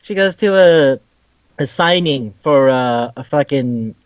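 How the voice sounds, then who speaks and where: A man's voice: medium pitch, slow, lo-fi sound. A man co-hosting a casual chat, recapping an anime with lots of swearing and quoted voices. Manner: profane, animated retelling with quoted voices. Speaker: podcast co-host.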